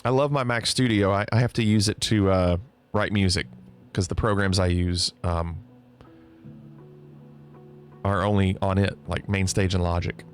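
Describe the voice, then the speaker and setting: A man's voice: deep voice, steady tone, moderate pace, pauses often, clear, resonant tone, soft background music. A man casually chatting on a livestream, reading out viewer comments, teasing and laughing often. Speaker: streamer.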